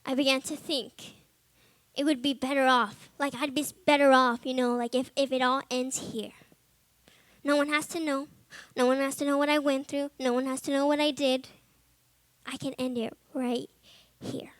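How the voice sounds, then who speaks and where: A young woman with a bright, high voice shares a personal testimony with fellow students. She talks informally, leaning on "like" and "um", and turns quiet and earnest as the story gets heavy. The sound is close and dry. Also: flat delivery, moderate pace, no room sound. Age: young adult. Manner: earnest, soft and subdued in heavy moments. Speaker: Bible college student.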